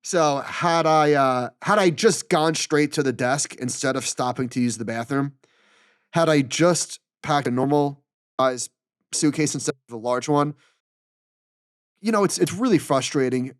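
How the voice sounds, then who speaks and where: A middle-aged man co-hosting a podcast, telling a story in an animated, exasperated way and acting out the dialogue. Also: fairly high pitch, a little slow, clear, resonant tone, no echo, studio quality. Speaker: podcast co-host. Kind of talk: casual storytelling chat.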